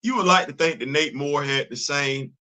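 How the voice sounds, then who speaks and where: A middle-aged man talks through a casual streamed monologue, circling back and repeating his points emphatic slang. His voice sits high for a man and rings bright and forceful. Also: moderate pace. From Bronx, New York, USA. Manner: conversational, repeats and restarts, street slang, emphatic. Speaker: show host. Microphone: streaming setup.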